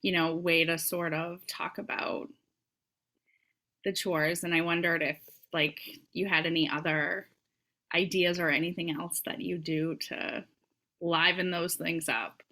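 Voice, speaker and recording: A woman's voice: lowish voice, fairly even intonation, measured pace, pushed and bright. A woman guest on a podcast who runs a small business, talking in a hesitant, thoughtful way with many fillers. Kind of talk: casual conversational chat.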